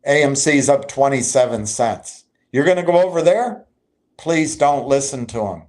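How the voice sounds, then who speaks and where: A man's voice: mid-range voice, takes it slowly, a little mellow. A man hosting a live stream, giving emphatic, agitated stock market commentary and answering chat. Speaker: livestream host.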